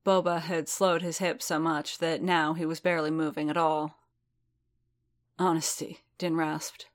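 A woman narrating fiction in a measured, steady reading. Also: low voice.

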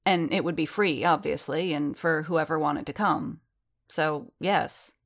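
A woman voicing an eager, hopeful young gentleman. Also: deep voice, a little slow. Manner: hesitant and hopeful, words tumbling out. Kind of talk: audiobook character voice.

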